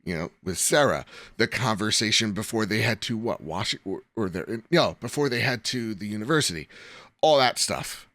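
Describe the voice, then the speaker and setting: A young man co-hosting a casual podcast, talking in an animated, rambling way and laughing often. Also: lowish voice, moderate pace, no room sound. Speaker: podcast co-host.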